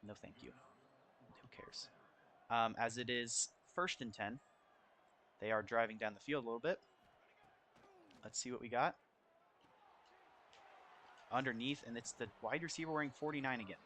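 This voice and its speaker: A college-age man gives casual, chatty play-by-play over his football video game, his medium-pitched voice at normal speed with long pauses and a little hiss or hum in the background. He keeps quiet for his roommates in their shared home, though his excitement spikes on big plays.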